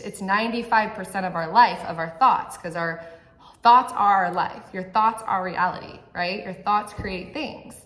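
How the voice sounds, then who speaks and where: A woman's voice: mid-range voice, a bit bright. A woman speaks to camera as a mindset coach, earnest and direct. Her voice sits in the middle range. She keeps checking in with the listener as she goes, and the room around her rings with echo. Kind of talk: motivational talk to camera. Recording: echoey room.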